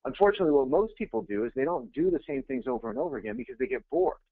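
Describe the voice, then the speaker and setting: A male coach talks through a webinar with a lively, rising and falling delivery and a gravelly edge in his voice. His words come over a thin, phone-like line with no room sound around them. He speaks casually and with energy, repeating phrases for emphasis. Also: high-pitched, rapid-fire, no room sound. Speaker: real estate coach. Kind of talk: webinar presentation. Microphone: webinar audio feed. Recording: tinny phone-like line, dry.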